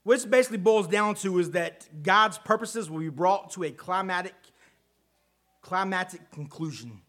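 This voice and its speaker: A man's voice: high voice, fairly quick, a bit bright. A man preaching a casual, conversational sermon, folksy and chatty with asides and frequent check-ins with his listeners.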